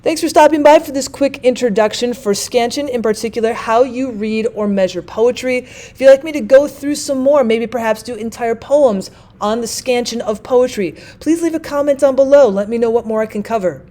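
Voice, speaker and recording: A woman's voice, on the high side with a dark tone, delivers a methodical teaching lecture. Examples are read out slowly.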